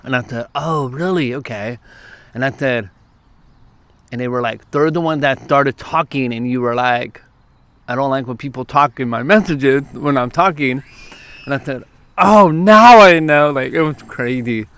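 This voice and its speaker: This California youth preacher has a clean, mid-range voice with no echo as he tells a story to camera in a park. His casual delivery comes in lively, quick bursts, and he performs the quoted lines.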